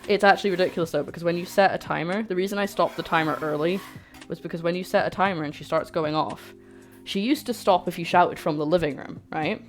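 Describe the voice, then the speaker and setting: A woman's voice: fairly low pitch, fast talker. Chatty woman cooking live. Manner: chatty and playful, talking to her chat. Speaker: cooking stream host. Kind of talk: casual livestream chat while cooking. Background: faint background music.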